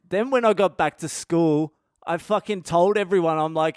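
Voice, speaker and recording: A man's voice: a little high, expressive, normal speed, darkish tone, clean tone, no room sound, clean studio sound. A man hosting a podcast, telling a story in a candid, profane, casual monologue and laughing at himself. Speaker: podcast host.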